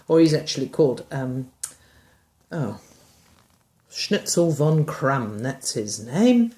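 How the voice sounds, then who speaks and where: A low-pitched woman reads a picture book aloud to a young child, pausing to ask about the pictures. She shifts between bright exclamations and soft, murmured asides.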